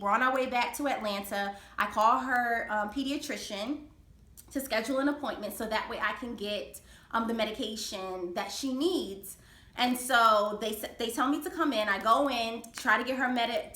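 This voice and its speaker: A woman's voice: a little high, bright, forceful tone, echoey room. A young woman telling a personal story to her viewers in a vlog, earnest and faithful, with many fillers. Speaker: vlogger.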